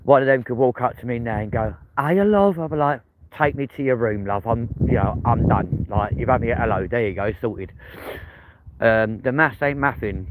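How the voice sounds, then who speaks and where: A man's voice: medium pitch, normal speed. A man with a Manchester accent hosting a casual live stream, joking and talking straight to his viewers. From England. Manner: chatty, jokey, addresses the chat directly. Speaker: livestream host. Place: in a car. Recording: clear background noise.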